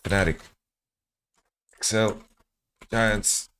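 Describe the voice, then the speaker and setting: A man's voice: on the low side, drawn-out words, a bit bright, clear, resonant tone. A man streaming, thinking aloud as he guesses team rosters from player nationalities, often repeating words. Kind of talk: casual stream commentary.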